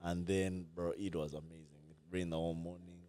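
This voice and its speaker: A man's voice: sits low, little pitch movement, brisk, dark tone. A man hosting a podcast in casual chat, laid-back, laughing often and saying "bro" a lot. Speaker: podcast host.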